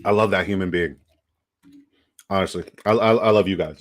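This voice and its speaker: A man's voice: sits low, fairly even intonation, normal speed, no echo, rough recording. Chatty man streaming live. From Canada. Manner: upbeat, chatty, gives shout-outs; casual swearing. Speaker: livestream host. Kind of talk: casual livestream commentary.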